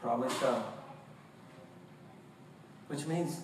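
A man preaching a sermon with passion, swinging from hushed tones to shouts and acting out mock voices of his listeners. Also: sits high, sing-song, slow pace, pauses often. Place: church sanctuary. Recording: very echoey room, far from mic, faint noise.

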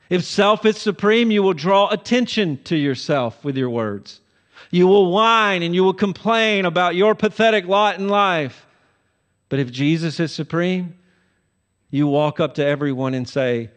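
A pastor preaching a sermon, his voice rising hard on warnings and dropping soft and low on grace. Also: lively intonation, measured pace, big-room sound.

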